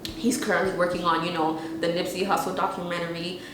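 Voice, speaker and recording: Young woman entrepreneur in a documentary interview: casual and earnest, low-ish voice, very echoey room. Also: flat delivery, quick pace, distant mic. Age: young adult. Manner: casual and earnest, with frequent "you know what I'm saying". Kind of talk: documentary interview, candid talk. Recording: very echoey room, faint background noise.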